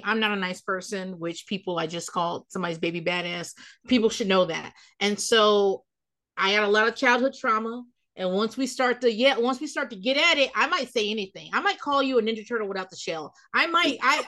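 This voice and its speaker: A woman's voice: mid-range voice, a little fast, a bit bright. A woman hosting a podcast, chatting casually about a reality show in a blunt, profane, ranting way. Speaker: podcast host. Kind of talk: casual reality-TV recap chat.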